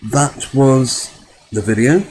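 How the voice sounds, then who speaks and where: A man's voice: mid-range voice, slow, a little mellow, slight background noise. A man hosting a live stream, reading a news story aloud and adding wry, skeptical asides.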